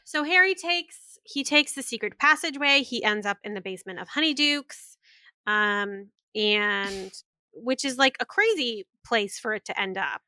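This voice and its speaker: Woman co-host, high and bright, quick recap delivery, dry. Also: lively intonation, no echo. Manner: quick narrating recap with fillers. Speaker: podcast co-host. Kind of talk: casual chat, recapping a book chapter.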